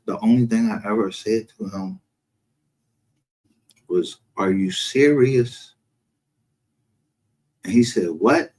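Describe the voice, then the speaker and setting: Male livestream host, middle pitch, brash and profane, laughs through his commentary. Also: a little mellow.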